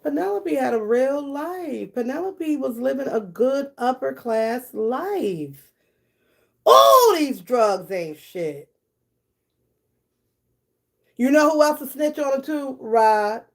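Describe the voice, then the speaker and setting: Slow-talking blunt woman streamer. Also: high-pitched, creaky, mellow. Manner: blunt, profane, gossipy, laughs often; talks directly to her viewers. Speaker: live stream host reading chat. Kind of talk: casual live-stream commentary.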